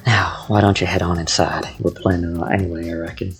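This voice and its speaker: A man's voice: low voice, level tone, a little fast, soft background music. A man voicing a suspicious, gun-toting rural man with a Texan drawl, speaking in threatening folksy talk.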